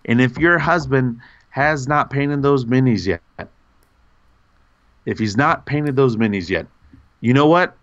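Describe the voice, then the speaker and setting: Male podcast co-host, enthusiastic and effusive, average pitch, dull lo-fi recording. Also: a little slow, pauses often. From North Carolina, USA. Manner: gushing, animated, pitch jumps when excited. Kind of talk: casual podcast chat.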